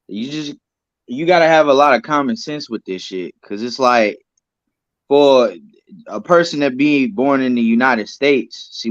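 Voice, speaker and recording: Blunt halting man, lo-fi sound. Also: mid-range voice, dry recording. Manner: halting starts, blunt slang. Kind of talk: casual chat. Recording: dull lo-fi dry sound.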